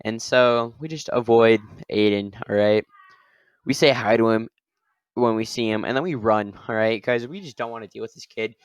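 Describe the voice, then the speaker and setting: A man hosting his own podcast, telling a story casually and rambling, often tagging sentences with a quick "all right?". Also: mid-range voice, clean tone, no echo, dull audio. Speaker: podcast host.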